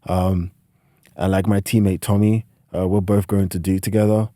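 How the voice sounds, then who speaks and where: Low-voiced young British man, rambling. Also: flat delivery, normal speed, warm tone, no echo, studio quality. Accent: British, partly Americanized. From United Kingdom. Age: late teens. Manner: rambling, heavy use of "like" fillers. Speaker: podcast guest, student athlete. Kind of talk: casual interview storytelling.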